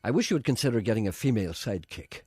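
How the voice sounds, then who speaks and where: A man's voice: lowish voice, lively intonation, very fast, a little mellow, breathy edge, no room sound, studio quality. Sardonic radio man. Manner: sardonic, rambling, mock-grandiose. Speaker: radio presenter. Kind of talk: comic radio monologue and banter.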